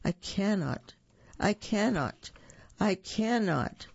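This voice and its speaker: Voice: mid-range voice, expressive, gravelly, husky, dry recording, voice pushed up, exaggerated voice. A reader voicing a tired, rusty old male engine who sighs and refuses to help, on a dull, slightly lo-fi recording. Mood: weary. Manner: slow, sighing, worn out.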